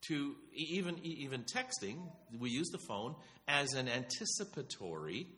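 A man's voice: mid-range voice, sharp tone. A man preaching a sermon to his church in a conversational way, often repeating words and restarting sentences. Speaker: pastor.

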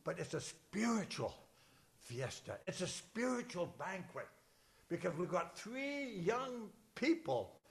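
Lively emotional man preaching. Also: sits high, slow pace, vocal fry. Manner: emotional, chatty, fumbling with notes and screen. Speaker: pastor. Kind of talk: sermon with casual asides. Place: church service shared over video call.

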